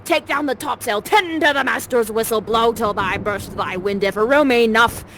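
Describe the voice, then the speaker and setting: A woman playing a ship's boatswain who shouts orders to sailors in a storm, with street noise from an open door behind her. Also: on the high side, moderate pace. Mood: bellowing. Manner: shouting orders over the waves.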